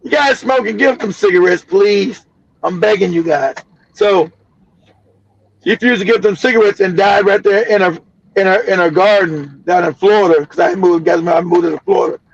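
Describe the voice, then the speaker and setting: Host, man, 50s, from the US. Raspy high voice, profane, animated storyteller. Dry, dull stream mic. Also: normal speed, no echo. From United States. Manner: cackling laughs, profane and animated.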